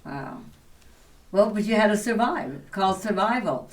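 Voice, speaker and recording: A woman hosting a talk show, upbeat and gushing as she chats with her guests. Her voice sits at a middling pitch and sounds a little distant from the mic. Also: animated, normal speed. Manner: upbeat, gushing, laughs often. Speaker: host.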